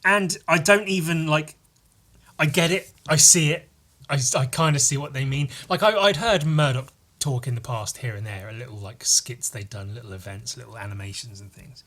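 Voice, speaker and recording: A man's voice: mid-range voice, moderate pace, a bit bright. A man hosting a solo podcast, rambling and self-mocking and swearing freely. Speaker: podcast host. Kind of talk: casual solo podcast chat.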